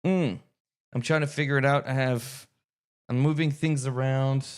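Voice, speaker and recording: A man's voice: mid-range voice, fairly even intonation, normal speed, smooth. A man chatting casually on a live stream, thinking aloud and answering viewers' chat as he goes. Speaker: streamer and game master.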